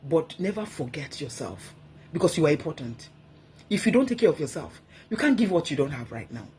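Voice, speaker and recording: A woman speaks as a guest on a talk program. She exhorts her listeners in a forceful, preachy way and repeats key phrases to drive her points home. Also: low-pitched, very animated, brisk, a little hiss or hum. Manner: emphatic, exhorting, repeats herself.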